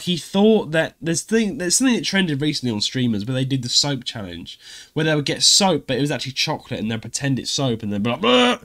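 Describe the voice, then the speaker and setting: A man chatting on a gaming podcast, rambling through long stories full of fillers and restarts. His pitch swings widely and lively as he talks. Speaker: podcast co-host and streamer. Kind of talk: casual chat.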